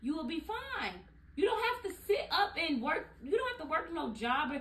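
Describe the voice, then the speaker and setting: A woman's voice: very high voice, very animated, moderate pace, fairly bright tone, full character voice. A woman playing a laid-back mother who coaxes her adult child, speaking in casual slang in a comedy sketch clip. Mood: coaxing. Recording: roomy clip played from far off.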